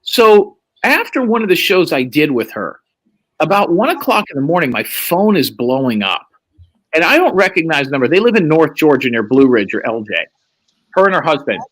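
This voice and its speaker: A man with a fairly high, very lively voice, telling a long story as a guest on a live stream. He swears freely and throws his voice up high when he acts out what other people said. His speech swings widely in pitch from line to line. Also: normal speed, rough recording. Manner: profane, acts out quoted lines in a raised voice. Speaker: livestream guest. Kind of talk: animated storytelling.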